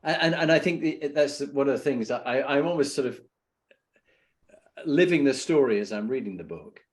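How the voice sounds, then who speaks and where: A man's voice: mid-range voice, animated, normal speed. A middle-aged man from the United Kingdom hosting a podcast, asking long, rambling, supportive questions full of fillers. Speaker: podcast host. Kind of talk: interview conversation.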